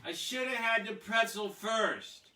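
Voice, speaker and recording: Man voicing a small pestering girl, high-pitched, insistent, loud calls, echoey room, distant mic, guitar in background. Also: a little slow, exaggerated voice. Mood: explaining. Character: pestering, persistent five-year-old neighbor girl.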